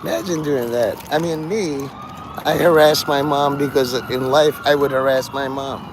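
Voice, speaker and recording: A man chats his way through a street livestream in a loose, rambling way, dropping profanity and dark joking asides. Loud traffic and city ambience wash over his voice. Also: on the high side, normal speed. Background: vehicles and city ambience.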